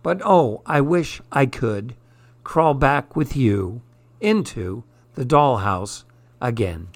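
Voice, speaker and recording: A man hosting a radio program, reading children's stories and poems aloud with expressive delivery. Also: medium pitch, slow pace, dry recording.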